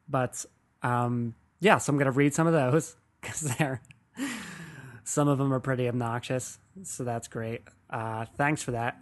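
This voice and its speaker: Profane rambling man hosting a podcast. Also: medium pitch. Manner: rambling, profane, self-deprecating. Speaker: podcast host. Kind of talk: casual comedic monologue.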